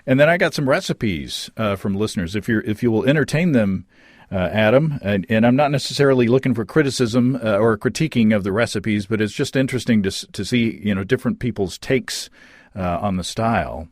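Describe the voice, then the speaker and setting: Guy hosting a homebrew chat, reading listener mail, lots of ums and laughs, bouncy pitch. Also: brisk, dry recording, clean studio sound. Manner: lively, laughing, many fillers and restarts. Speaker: podcast host.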